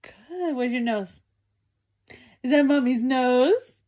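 Young woman, mother, high sing-song baby talk, very slow and drawn out, phone video at home. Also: mellow. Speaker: mother filming her toddler.

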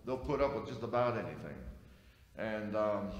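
Folksy preacher in an echoey church. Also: male voice, lowish voice, expressive, moderate pace, muffled recording. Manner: folksy, conversational preaching with frequent amens. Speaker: pastor. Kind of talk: sermon. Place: church sanctuary.

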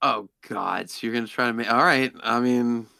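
Bright-voiced man rambling on a podcast. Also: medium pitch, moderate pace, creaky. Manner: rambling, animated, trailing off with "like". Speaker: podcast co-host. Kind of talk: casual chat.

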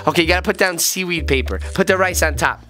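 A middle-aged man hosting a kids' game video, joking excitedly and playfully as he plays alongside his child. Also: high voice, quick pace, faint music behind. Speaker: gaming channel host.

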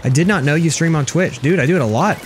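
A man's voice: a little high, fast, soft background music. Chatty sarcastic young man streaming games. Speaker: game streamer. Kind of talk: casual gameplay commentary reading chat.

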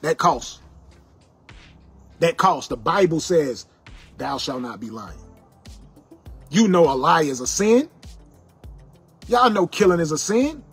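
A man's voice: on the high side, big pitch swings, a little slow, pauses often, breathy edge, faint music behind. A man angrily lecturing his viewers, repeating his warnings like a sermon. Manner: angry, repetitive, sermon-like warnings. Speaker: internet personality ranting to viewers. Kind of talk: angry preachy monologue.

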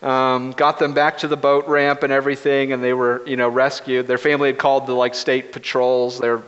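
A man preaching a conversational sermon as pastor, telling stories in a relaxed, anecdotal way, recorded in a church sanctuary. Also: medium pitch, brisk. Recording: reverberant, dull lo-fi livestream audio.

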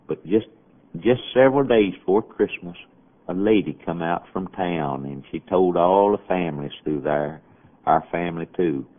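A man with a Southern accent telling a folksy monologue in a rambling drawl, on an old radio recording. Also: low-pitched. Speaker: storyteller. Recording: tinny, band-limited old radio archive.

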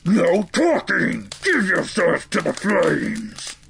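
A man voicing a hungry, demanding male fire spirit with a gravelly voice, performed in a comedy audio play. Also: high-pitched, wildly swooping pitch, takes it slowly, fairly bright tone, a little hiss or hum, exaggerated voice. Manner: demanding, commanding.

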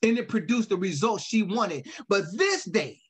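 A man with a notably high voice delivers a sermon as a pastor. He tells his stories emphatically, circling back on phrases, and his speech stays casual and down-to-earth. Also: lively intonation, moderate pace, slightly rough. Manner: repetitive, emphatic storytelling preaching with casual dialect.

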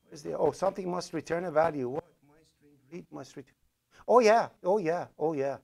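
Gravelly-voiced man teaching code live. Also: on the high side, a little fast, a little mellow. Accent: Persian. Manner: thinks aloud while coding, with fillers and self-corrections. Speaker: programming lecturer. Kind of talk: live-coding lecture.

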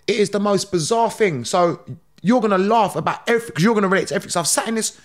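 A middle-aged man tells stories as a podcast guest. His voice sits high, and his delivery is lively and slangy, with laughs between lines. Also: racing. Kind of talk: animated storytelling.

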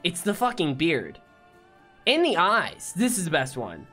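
Woman streamer, excitable and profane, unhurried delivery, very lively pitch. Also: soft background music. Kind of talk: live-stream game reaction.

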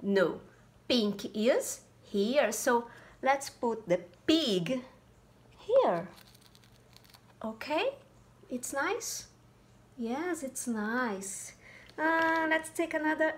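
A woman teaching English to small children, slowly repeating simple words and making animal sounds. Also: high-pitched, lively intonation. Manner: slow, sing-song, repeats words, makes animal sounds. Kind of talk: slow, simple classroom lesson for small kids.

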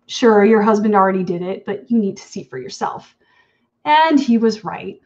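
A woman's voice: mid-range voice, expressive, moderate pace, a little mellow, highs cut off. A woman author reading her own story aloud in an intimate, wry second-person voice. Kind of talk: reading fiction aloud at an online event.

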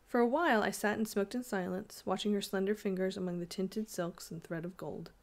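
A woman narrates an old short story aloud, calm and even in her delivery. Her voice sits at an ordinary, middling pitch. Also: fairly quick. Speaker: reader.

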